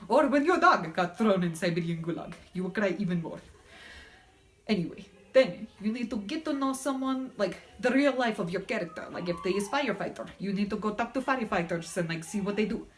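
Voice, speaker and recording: A woman playing a blunt Russian woman with a put-on Russian accent and broken grammar, talking in a deadpan, matter-of-fact way in a class skit. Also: medium pitch, a little fast, close to an everyday voice. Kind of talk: comedic skit interview.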